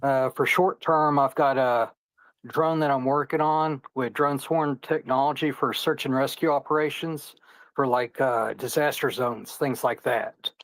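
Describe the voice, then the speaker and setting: Calm man from Indiana, dry sound. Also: mid-range voice, measured pace, no echo, rough recording. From Indiana, United States. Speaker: caller. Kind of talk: casual conversation. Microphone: online audio call.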